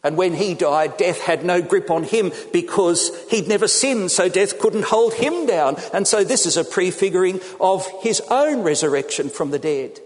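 A man preaching a sermon, animated and acting out the people he quotes. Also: sits high, moderate pace, hardly any pauses. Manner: animated, acts out quotes in changing voices. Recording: long hall reverb.

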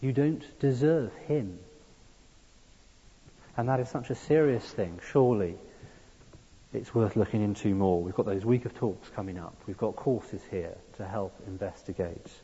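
A man's voice: on the low side, a little slow, warm tone, breathy edge. A man preaching a sermon, earnest and building to emphatic peaks. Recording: dull sound in a long-reverb hall.

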